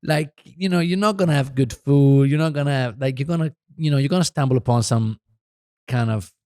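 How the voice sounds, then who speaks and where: A man's voice: medium pitch, brisk, dark tone, dry recording, clean studio sound. A middle-aged man chatting as a podcast guest, rambling and hesitant with many restarts. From Italy. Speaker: podcast guest, magazine co-founder. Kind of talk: casual chat.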